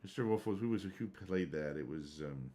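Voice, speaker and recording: A man's voice: deep voice, lively intonation, normal speed, warm tone. A man streaming a game, chatting casually and rambling from one topic to the next. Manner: rambling, conversational. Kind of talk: casual live-stream chat.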